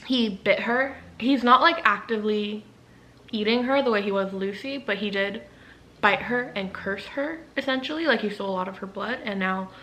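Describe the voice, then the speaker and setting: A woman author talking casually to camera as she recaps a novel, rambling and enthusiastic, with plenty of fillers and the odd hushed aside. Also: mid-range voice, normal speed, low-quality recording. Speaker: author and book vlogger. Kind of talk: casual book summary chat.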